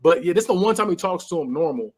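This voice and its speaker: A man's voice: high voice, quick pace. A man casually recapping a movie on a podcast, acting out the characters' lines with laughs. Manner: animated storytelling, acts out characters' lines with laughs. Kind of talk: casual chat.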